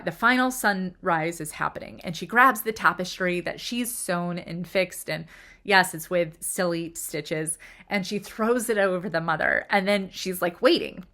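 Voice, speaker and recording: A woman hosting a video, talking casually and emotionally through a film's plot, with her voice rising sharply when she gets excited and dropping into whispered asides. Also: measured pace. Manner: chatty and emotional, pitch jumps up when excited. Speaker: video host analyzing film characters. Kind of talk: casual analytical monologue.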